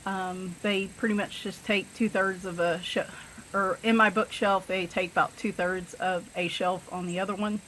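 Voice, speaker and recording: A coloring book channel host with a Southern accent chats casually while showing her books, rambling a little and leaning on fillers and self-deprecating jokes. Her voice is medium-pitched and fairly bright, with fairly even intonation and a moderate pace, and there's slight background noise.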